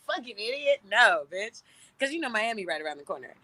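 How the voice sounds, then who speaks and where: A woman in her thirties with a bright, forceful voice swaps stories in an animated way. She swears freely and jumps into loud, high-pitched impressions of what everyone said. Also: fast, no room sound. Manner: animated and profane, acts out quoted lines in loud high voices. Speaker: celebrity guest. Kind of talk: casual storytelling chat.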